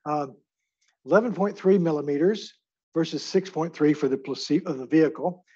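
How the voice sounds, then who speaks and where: Husky man lecturing on drugs. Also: on the high side, fairly quick, mellow, dull audio. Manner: chatty, asks the audience for hand votes. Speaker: pharmacy lecturer. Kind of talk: lecture to a live audience.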